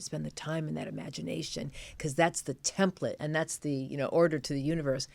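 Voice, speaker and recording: A woman in midlife talks through an interview in a gravelly voice that rasps at the bottom of her range. She tells stories with energy and slips into the voices of the people she quotes. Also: low-pitched, brisk, no echo. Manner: animated storyteller, acts out quotes. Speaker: interview guest. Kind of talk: casual interview chat.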